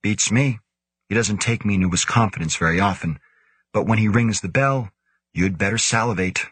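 A man's voice: fairly low pitch, moderate pace, fairly bright tone, slightly rough, no echo. A man reading the part of a sardonic, offhand older male biophysicist aboard a space station. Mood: wry.

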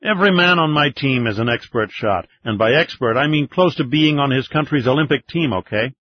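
A man's voice: medium pitch, expressive, fairly quick, muffled recording, voice pushed up, close to an everyday voice. A man voicing a cocky American soldier who jokes and swears in an audiobook. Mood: boastful. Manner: brash, joking, swearing. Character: wry, cocky American soldier, short team leader.

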